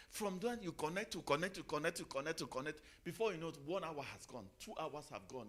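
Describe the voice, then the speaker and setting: A man's voice: a little high, expressive, fast talker, hardly any pauses, fairly bright tone. A middle-aged man giving a motivational sermon, firing rhetorical questions, repeating phrases and giving the audience commands. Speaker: motivational speaker.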